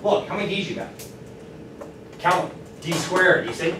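A man teaching a math class, lively and encouraging, often asking the students questions. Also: high voice, normal speed. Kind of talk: classroom lecture. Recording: roomy classroom from far off, faint noise.

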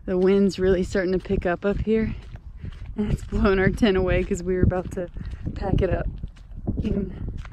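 A woman chatting and joking casually at a campsite as a travel companion, often whispering softly. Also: mid-range voice, level tone, moderate pace, noisy background. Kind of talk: casual travel vlog chat. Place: outdoors at a campsite.

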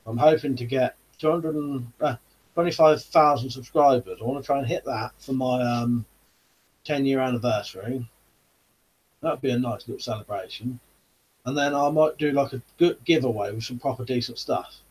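A man's voice: medium pitch, husky. A man hosting a live chat stream, casually reading out viewer comments and answering them.

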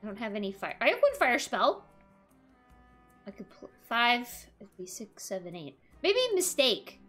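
Young woman, streamer, excitable, laughing, reading cards aloud, high voice, swooping pitch. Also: normal speed, faint music behind. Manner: excitable, laughs often, reads card text aloud. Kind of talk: live game commentary.

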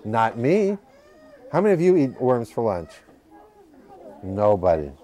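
A man's voice: mid-range voice, sing-song, measured pace, dark tone. A man reading a picture book to children at a library, patiently asking the children questions as he goes. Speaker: library storytime reader.

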